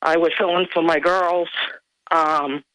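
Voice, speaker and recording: A woman calling in to a radio show, speaking hesitantly with many pauses and fillers. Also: fairly low pitch, fairly even intonation, a bit bright, clean tone, no room sound, poor audio. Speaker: caller, former admin worker. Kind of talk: phone-in call.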